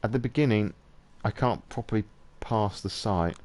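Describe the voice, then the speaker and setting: A man's voice: on the low side, moderate pace, darkish tone. A male podcast host casually reading a visual novel aloud on a live stream, with profane, wry asides.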